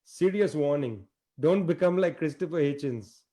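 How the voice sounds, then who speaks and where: A man's voice: a little high, lively intonation, normal speed, dark tone. A man speaking as a panel guest on a video call, giving impassioned political commentary full of emphatic rhetorical questions.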